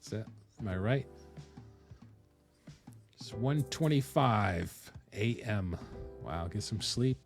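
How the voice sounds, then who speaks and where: A relaxed man from the Northeastern US talks casually on a live stream, thanking viewers and pausing often to think aloud. His voice sits fairly low, and faint music plays behind him. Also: creaky. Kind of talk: casual live-stream chat while coding.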